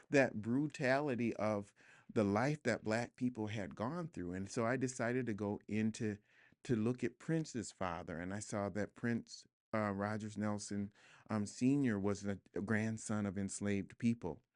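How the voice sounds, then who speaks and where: Man, low voice, smooth and resonant, dry close sound, earnest guest in a studio interview. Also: unhurried, darkish tone, no echo. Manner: earnest, reflective, building to emphatic. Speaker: guest author. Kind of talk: podcast interview conversation.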